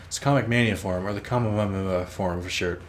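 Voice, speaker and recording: A low-pitched man chats loosely over his gameplay, drifting from topic to topic, cursing casually and poking fun at his own slip-ups. He is close on a desk mic, with a faint hum of room ambience underneath. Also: fast talker. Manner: rambling, swears freely, teases himself. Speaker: let's play host.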